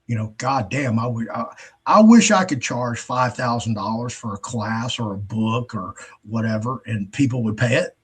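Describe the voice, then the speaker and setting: A man's voice: mid-range voice, moderate pace, husky. A male show host delivering a blunt, profane, exasperated rant with frequent restarts. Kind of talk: ranting monologue.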